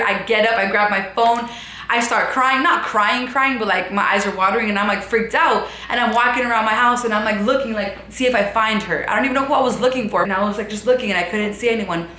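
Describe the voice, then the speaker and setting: A young woman vlogger telling a story casually to camera, animated and full of "like" fillers. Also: fairly high pitch, fast. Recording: roomy echo.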